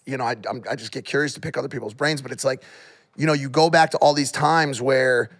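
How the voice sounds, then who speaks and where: A man co-hosting a podcast in casual chat, rambling and halting, with many fillers and some swearing. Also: medium pitch, steady tone, a bit bright. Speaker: podcast co-host.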